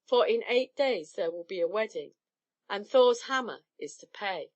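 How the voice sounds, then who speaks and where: A woman's voice: medium pitch, lively intonation, normal speed, muffled recording, natural voice. A woman voicing a sly, spiteful male trickster god who speaks with mocking, false politeness in a storybook tale.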